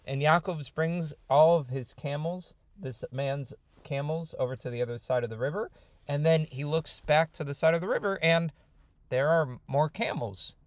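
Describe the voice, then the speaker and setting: A man with a fairly high voice retells a scripture story at a moderate pace, casual and conversational in his storytelling. He's a Torah storyteller, lively and informal, on a dry recording.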